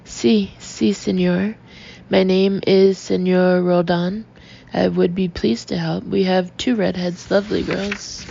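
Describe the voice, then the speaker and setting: A woman voicing a slick, careful male agency boss who talks smoothly and politely but stays guarded, on a dull lo-fi recording. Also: fairly low pitch, level tone, slow, warm tone, a little hiss or hum.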